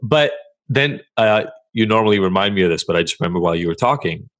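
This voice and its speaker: A man co-hosting a podcast, speaking frankly and reflectively in a measured way with listeners. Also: on the low side, expressive, a bit bright. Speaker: podcast co-host. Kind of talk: candid conversation with listeners.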